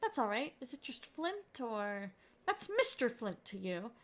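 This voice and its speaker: Gruff hostile man in a life-sim game, read by a woman in a lowered voice. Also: big pitch swings, a little slow. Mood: curt, hostile. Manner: curt and hostile. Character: gruff suspicious middle-aged man. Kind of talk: reading game dialogue aloud.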